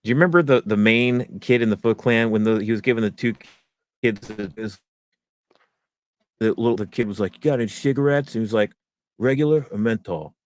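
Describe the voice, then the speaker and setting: Man, fairly deep voice, casual podcast co-host, rambling, quotes people in a murmur. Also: fairly quick, pauses often, no room sound. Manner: rambling, acts out quotes in a lowered voice. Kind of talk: casual chat.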